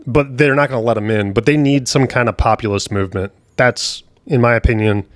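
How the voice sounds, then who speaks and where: A man co-hosting a podcast talks bluntly and swears freely in a casual chat. His voice sits at a middling pitch. The recording is dry, with almost no room sound. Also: fairly quick, dry recording. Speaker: podcast co-host.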